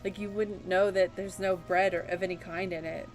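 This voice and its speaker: A woman's voice: fairly low pitch, flat delivery, normal speed, faint music behind. A young woman streaming a game, chatting casually and emotionally with lots of fillers. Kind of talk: casual chat.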